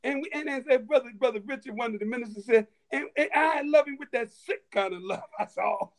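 A man telling stories in a casual chat, animated, with many restarts and laughing asides. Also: very high voice, fast. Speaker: guest storyteller.

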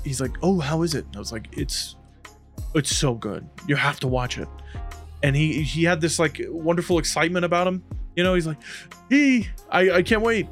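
Male co-host, a bit high-pitched, enthusiastic, acts out quotes; faint music behind. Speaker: podcast co-host. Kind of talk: casual chat.

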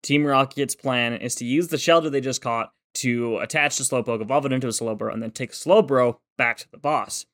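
A man co-hosting a podcast, recapping episodes in casual chat with wry, profane asides and quick mocking impressions. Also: mid-range voice, a bit bright. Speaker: podcast co-host.

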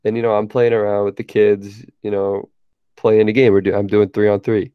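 A young man co-hosting a podcast, telling a long story in a relaxed way, laughing often and filling with "like". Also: on the low side, a little fast, clean tone, no room sound, highs cut off. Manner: laid-back storyteller, laughs often, many fillers. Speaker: podcast co-host. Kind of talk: casual chat.

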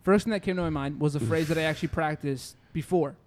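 A young man with a high voice tells a story among friends. He is animated and acts out quotes, laughing often as he talks. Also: quick pace. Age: young adult. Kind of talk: casual chat among friends.

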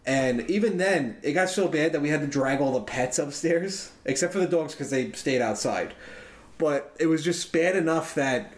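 A man's voice: on the high side, expressive, normal speed. A man telling a long, rambling story to friends in casual chat, swearing freely and loosely. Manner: profane, rambling, loose and chatty. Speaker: podcast co-host. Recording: roomy echo.

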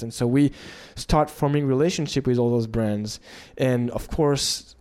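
Mellow-voiced studio founder, man. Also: mid-range voice, a little slow, hardly any pauses, clear, resonant tone. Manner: thoughtful, hesitant, with frequent restarts. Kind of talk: casual interview conversation.

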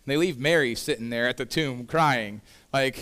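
A man's voice: medium pitch, moderate pace, fairly bright tone. A male pastor delivering a sermon in a conversational, casual way, with frequent asides to the congregation.

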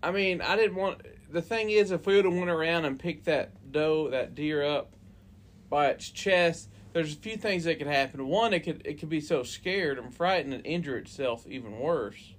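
Male co-host, eager prompter, somewhat high voice, casual. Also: normal speed, a little hiss or hum. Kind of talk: casual chat.

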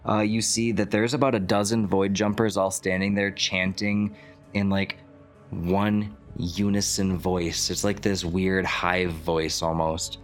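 A man narrating as game master of a tabletop role-playing game, relaxed and descriptive. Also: deep voice, a little slow, soft background music.

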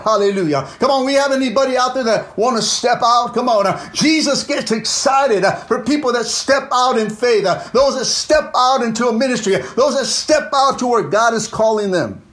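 High-voiced, fervent preacher man. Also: moderate pace, hardly any pauses. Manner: fervent preaching, peppered with "amen" and "come on"; swings between loud exclamations and low, quiet asides. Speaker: pastor. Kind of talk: sermon.

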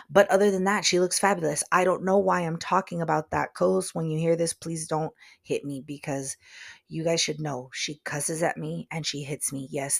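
Podcast host, woman, slightly low-pitched; loose, joking solo chat with sudden loud bursts. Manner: chatty, jokey and self-deprecating with sudden loud bursts. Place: recording studio.

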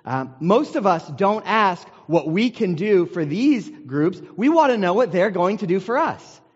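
An American man preaches in a loose, conversational way, telling stories and poking fun at himself. His voice sits a little high for a man. The sound is dull and muffled, with a long reverb trailing through a large hall. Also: big pitch swings, unhurried, husky. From United States. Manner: conversational storytelling with self-deprecating humor. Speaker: pastor. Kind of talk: sermon.

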